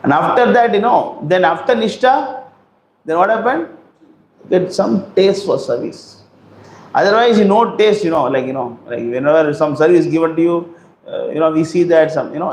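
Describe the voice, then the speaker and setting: A man's voice: a little high, animated, normal speed, darkish tone. A man giving a scripture class, asking rhetorical questions and acting out quotes. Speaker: preacher. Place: temple hall. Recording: roomy hall echo.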